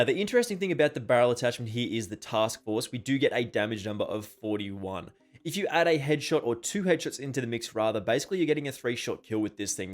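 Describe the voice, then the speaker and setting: A man hosting a gaming channel, giving a brisk voice-over guide to weapon loadouts and often repeating stock phrases. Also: lowish voice. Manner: brisk, repeats filler phrases like "just keep that in mind".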